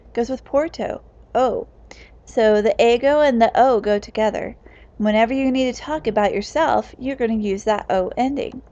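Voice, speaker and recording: A woman teacher walks through a classroom explanation, pausing to stress each key ending. Her voice sits a little high, and the recording is dull and lo-fi. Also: darkish tone. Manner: slow and emphatic, stressing word endings. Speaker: Latin teacher.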